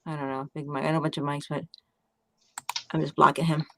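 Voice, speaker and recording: A woman's voice: low voice, level tone, quick pace, vocal fry, sharp tone, no room sound, clean studio sound. A woman with a Long Island New York accent hosting a casual late-night chat, rambling and laughing often. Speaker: live chat host.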